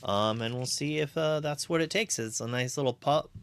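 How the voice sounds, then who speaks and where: A man's voice: medium pitch, moderate pace. A man previewing upcoming tournament matches in an upbeat way. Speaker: tournament host. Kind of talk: event preview.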